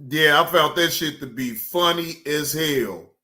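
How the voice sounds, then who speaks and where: Slow-talking man with a high, bright voice. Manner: animated, repetitive, teasing. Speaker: livestream host. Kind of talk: casual reaction commentary.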